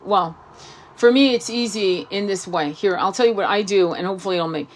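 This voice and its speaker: A woman hosting a spiritual livestream, talking straight into the camera about healers and boundaries. She is blunt and profane and leans hard on rhetorical questions. Her voice sits at an ordinary middle pitch. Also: a little fast. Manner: blunt, emphatic, swears often, rhetorical questions. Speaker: tarot reader and spiritual coach. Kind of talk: livestream talk answering comments.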